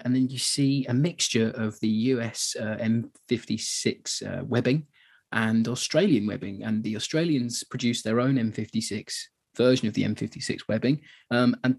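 A man's voice: medium pitch, a little mellow, husky. An English man co-hosting a podcast, chatting casually about film gear in a loose, rambling way with many restarts. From England. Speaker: podcast co-host. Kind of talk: casual chat.

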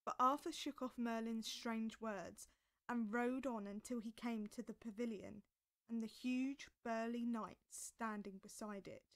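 A woman narrating a storybook aloud with expressive delivery. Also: fairly high pitch, unhurried.

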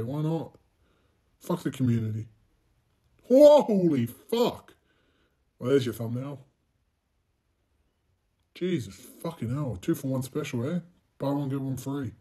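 A young man calls his racing game as he plays it, cursing freely and poking fun at himself. His voice sits in an ordinary middle register. It jumps suddenly into loud shouts whenever the race turns. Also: mid-range voice, husky. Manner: profane, self-mocking, bursts into loud exclamations. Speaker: gaming channel host.

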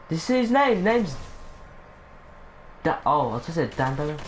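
Excitable gamer woman, squealing. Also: normal speed, long pauses, a little hiss or hum. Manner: excitable, bursts into high squeals and swearing; repeats catchphrases to viewers. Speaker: gaming channel host. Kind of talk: live gameplay commentary.

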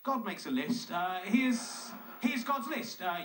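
Sarcastic man with a very high voice. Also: expressive, slow pace, fairly bright tone. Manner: sarcastic, mocking, nitpicking. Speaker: comedian. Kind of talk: comedic monologue. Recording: echoey room, distant mic, faint noise.

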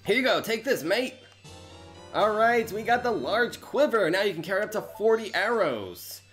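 A cheery, mate-saying shooting gallery keeper, as a man puts him on in a raised, bouncy voice. He reaches for a rough Australian-style lilt, with video game music playing underneath. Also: on the high side, big pitch swings, moderate pace, fairly bright tone, pitched above the performer's own voice. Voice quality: attempted Australian-style accent, calling everyone mate.

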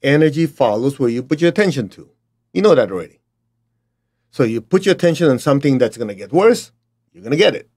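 A man's voice: mid-range voice, sing-song, quick pace, a little mellow. A middle-aged man with a Chinese accent giving a blunt, emphatic motivational talk to his students. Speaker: motivational teacher.

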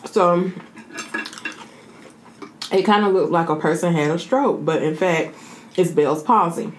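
A woman's voice: on the low side, a little slow, slight background noise. A woman chatting casually to her viewers as she eats, calling them "y'all". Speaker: mukbang vlogger. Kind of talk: casual eating vlog chat.

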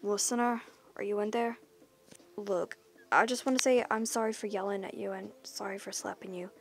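A woman voicing a remorseful young boyfriend in a whispered role-play, talking in a hushed, apologetic way with some swearing. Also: medium pitch, steady tone, normal speed, lightly acted. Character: remorseful young boyfriend, jealous, hot-tempered.

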